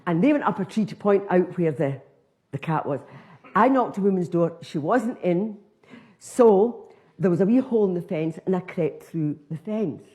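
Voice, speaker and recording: An older Scottish woman telling a comic tale onstage, her voice swooping up and down in lively, animated bursts. She talks in a chatty, self-mocking way, and her voice sits fairly low for a woman. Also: normal speed. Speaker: comedian. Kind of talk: stand-up storytelling.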